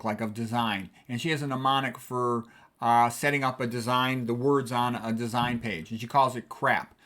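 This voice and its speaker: A middle-aged man explains writing technique in a loose, conversational lecture. His voice is bright and forceful at an ordinary pitch, and he keeps checking in with his listeners. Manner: conversational, chatty, punctuates with "okay". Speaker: writing teacher.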